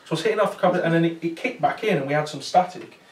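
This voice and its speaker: Racing along in a fairly high voice, a paranormal investigator gives a talk, telling a small audience a chatty story with many fillers and restarts. The recording is distant and echoey.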